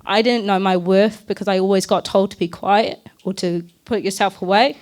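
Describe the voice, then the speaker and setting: A woman's voice: mid-range voice, fairly even intonation, moderate pace, a little mellow. A young woman, telling her personal story at a community talk in a candid, earnest, loosely chatty way. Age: young adult.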